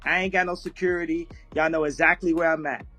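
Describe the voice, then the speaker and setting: Guy with a high voice rambling and cracking up telling a story, faint music behind. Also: steady tone, fast, bright, forceful tone. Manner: laughs constantly while telling a story. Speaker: guest speaker on an audio chat room. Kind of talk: casual live chat storytelling.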